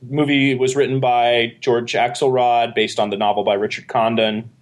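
A man's voice: mid-range voice, little pitch movement, moderate pace. A man hosting a casual film podcast, introducing the film with frequent hesitations. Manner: hesitant, many filler uhs. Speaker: podcast host.

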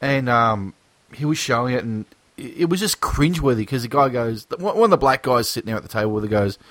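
A man's voice: medium pitch, lively intonation, quick pace, fairly bright tone, dry recording. A man co-hosting a casual political chat, blunt and profane, joking and swearing freely.

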